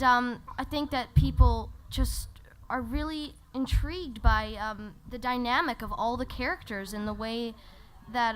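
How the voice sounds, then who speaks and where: A woman's voice: on the high side, a bit bright, slight background noise, poor audio. A woman voice actor speaking at a convention panel, earnest and enthusiastic.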